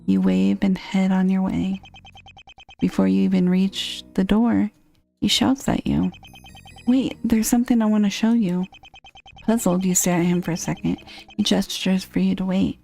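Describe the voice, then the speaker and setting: A woman reading a dating game's text aloud, with dry, deadpan asides. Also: mid-range voice, normal speed, creaky, soft background music.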